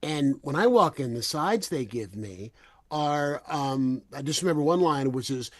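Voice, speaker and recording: Man, middle-aged, podcast host, casual chat, animated storytelling, slightly higher voice. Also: a little slow. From US, San Francisco Bay Area. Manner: animated storyteller, laughs freely.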